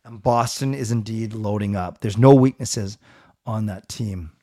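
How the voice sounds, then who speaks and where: A middle-aged man hosting a live stream, reading viewer comments aloud and answering them in a relaxed, chatty way. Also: fairly low pitch, a little slow. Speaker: livestream host reading chat. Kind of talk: casual chat.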